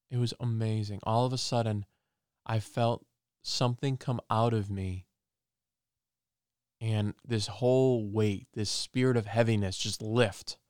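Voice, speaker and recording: A man's voice: on the low side, clean tone, no echo, clean studio sound. A man giving an earnest personal testimony and preaching, repeating phrases for emphasis.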